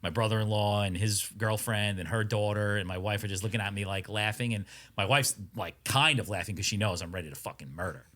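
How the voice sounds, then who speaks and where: A man with a Long Island New York accent spins a long, profane story for his podcast co-hosts. His voice is bright and forward, and he wanders through the tale with plenty of asides. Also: on the low side, fairly quick, hardly any pauses. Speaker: podcast co-host. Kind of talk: casual chat.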